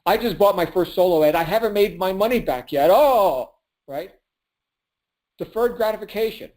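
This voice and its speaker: A man's voice: sits high, animated, normal speed, darkish tone. A man coaching a call as a motivational sales speaker, punchy and preachy, asking and answering his own questions and laughing often. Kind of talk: motivational call pep talk.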